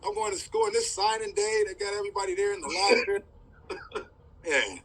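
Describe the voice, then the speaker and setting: Husky guy from california telling a story on a podcast, kinda high voice, gets real animated. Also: normal speed, poor audio. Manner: animated, acts out quoted voices with big pitch jumps. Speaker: podcast guest, former college running back. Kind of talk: casual storytelling.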